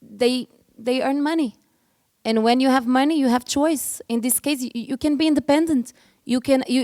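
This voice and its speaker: A woman's voice: on the high side, a little mellow. Earnest woman. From Portugal. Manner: earnest, restarts often, gets emotional. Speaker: panel speaker. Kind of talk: panel discussion.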